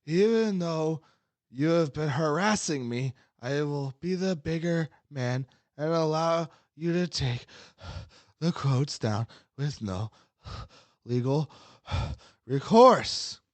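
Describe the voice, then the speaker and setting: A man's voice: a little high, no room sound, pitched above the performer's own voice. Man putting on a pompous sweaty incel. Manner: slow, drawn-out and self-important. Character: pompous sweaty young man making legal threats.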